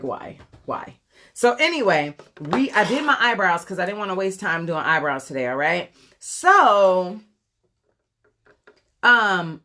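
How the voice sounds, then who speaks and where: A woman's voice: lowish voice, fairly bright tone, a little hiss or hum. A woman in her forties chatting casually on a live makeup stream, rambling with lots of ums as she answers viewers. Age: 40s. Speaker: beauty vlogger doing a live makeup tutorial. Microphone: phone camera.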